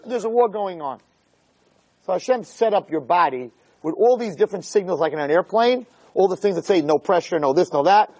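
A high, husky male voice that leaps all over its range. A rabbi gives an emphatic Torah lecture, drilling his points through repetition and rhetorical questions, dropping low and then climbing to near shouts. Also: animated, fairly quick. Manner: emphatic, repeats key phrases, rhetorical questions. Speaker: rabbi teaching a Torah class.

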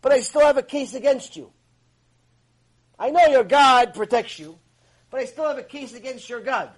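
A scornful, greedy well-owner, voiced by a man in a lecture story, who taunts his debtor loudly. The voice sits high for a man and mocks with every line. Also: expressive, moderate pace, rough recording. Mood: scheming. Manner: taunting, loud and jeering.

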